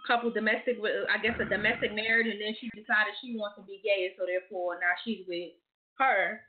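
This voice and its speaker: A woman's voice: medium pitch, steady tone, a little fast. A woman co-hosting a call-in talk show, frank and profane in street slang. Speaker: co-host. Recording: tinny phone line.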